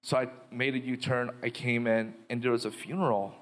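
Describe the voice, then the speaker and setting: A man's voice: medium pitch, fairly even intonation, fairly quick. A male minister on a live podcast, telling a story with quoted inner dialogue, then leading a prayer. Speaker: guest minister. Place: live podcast before an audience.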